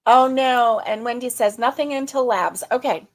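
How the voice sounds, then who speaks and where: On a relaxed livestream, a middle-aged woman calls out viewers by name, chatting and laughing freely. She speaks at a fairly high pitch, her throat a bit strained.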